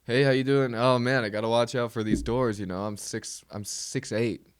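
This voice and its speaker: A man's voice: medium pitch, steady tone, normal speed, smooth, no room sound, clean studio sound, close to an everyday voice. A man putting on a mocking, whiny impression of a boastful tall man who pities himself for his height. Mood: bragging.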